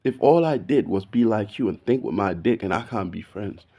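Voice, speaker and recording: A man, telling a story in a casual, slangy, animated way, saying "bro" all the time. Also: fairly low pitch, moderate pace, creaky. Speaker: video podcast host.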